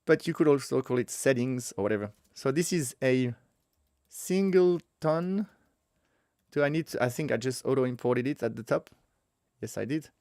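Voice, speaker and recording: A web developer leads a casual coding tutorial, thinking aloud as he works, correcting himself and chuckling at his own slips. His mid-range voice is fairly quick and a little mellow, recorded clean in a studio without echo.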